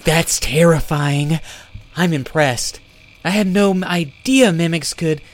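A man voicing a bold young girl adventurer in a storybook, with high, excited cries. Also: slow, full character voice. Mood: amazed.

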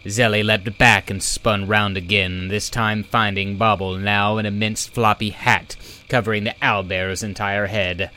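A man narrating a storybook in a slow, measured reading. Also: on the low side, flat delivery, background noise. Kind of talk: audiobook narration.

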